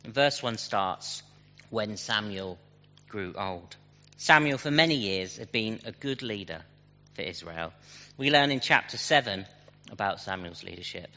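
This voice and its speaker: A man preaching a sermon and telling jokes, switching into lively character voices for the punchlines. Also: lowish voice, normal speed. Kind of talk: sermon with humorous anecdotes. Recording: dull sound with long hall reverb.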